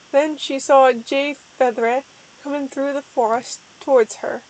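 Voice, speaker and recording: A woman's voice: sits high, fairly even intonation, a little slow, darkish tone, poor audio. A woman streamer giving a comedic dramatic reading, stumbling over misspelled words.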